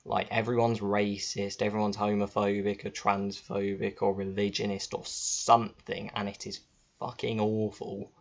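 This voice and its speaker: A man's voice: on the low side, flat delivery, normal speed. A man telling a story to camera in a chatty, informal way, swearing freely, recorded on a laptop microphone. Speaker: vlogger. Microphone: built-in laptop mic. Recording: dull lo-fi laptop audio.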